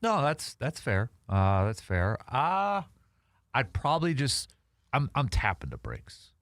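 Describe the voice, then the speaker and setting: A man hosting a casual sports radio show, animated and halting with fillers and restarts. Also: mid-range voice, no echo, clean studio sound. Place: radio studio.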